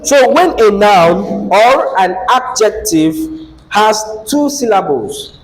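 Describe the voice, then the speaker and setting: A man's voice: high voice, lively intonation, slow, low-quality recording. A man teaching an English lesson, asking the class questions and repeating key phrases.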